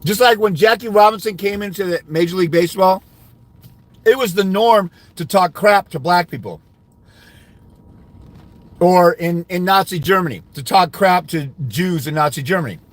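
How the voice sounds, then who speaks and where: A man's voice: high voice, normal speed, no echo. A man giving fathers' rights custody advice, ranting indignantly during a livestream while answering comments.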